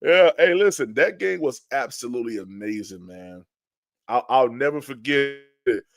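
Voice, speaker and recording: A man hosting a fan podcast, telling stories in a lively, casual way with many restarts and greeting chat viewers. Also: medium pitch, moderate pace, vocal fry, no room sound, studio quality. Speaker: podcast host. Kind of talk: casual live-stream chat.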